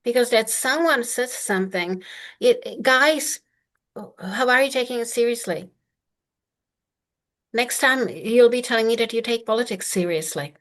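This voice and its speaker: A woman's voice: on the high side, measured pace, fairly bright tone. Middle-aged female coach, plain-spoken and emphatic, casual delivery with frequent swearing. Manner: blunt, emphatic, swears freely. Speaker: manifestation coach.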